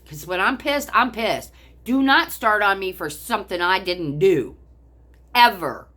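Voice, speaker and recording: A woman's voice: medium pitch, expressive, moderate pace, pushed and bright. An older woman vlogger telling a story angrily, in a heated, profane rant. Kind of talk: angry personal storytelling.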